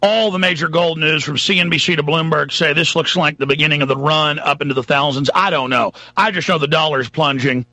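A man's voice: on the high side, a little fast, few pauses, sharp tone, no room sound. A man hosting a talk radio show, delivering an emphatic, ranting monologue. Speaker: radio host.

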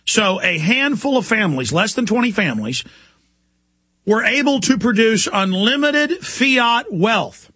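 A man's voice: sits high, expressive, unhurried, sharp tone, breathy edge, no room sound. A man delivering an impassioned, indignant talk radio monologue as the show's host.

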